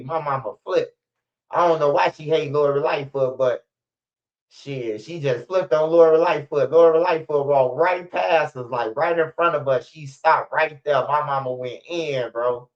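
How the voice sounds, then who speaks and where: A man's voice: fairly high pitch, moderate pace. A middle-aged man with a Chicago accent, telling stories in a rambling, profane street-talk monologue. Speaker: storyteller. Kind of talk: casual storytelling monologue. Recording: slightly muffled lo-fi recording.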